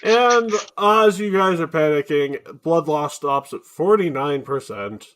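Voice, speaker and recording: Lively, bright-voiced male game master. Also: fairly high pitch, a little hiss or hum. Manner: lively, wry narration with quick asides. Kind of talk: narrating a tabletop game.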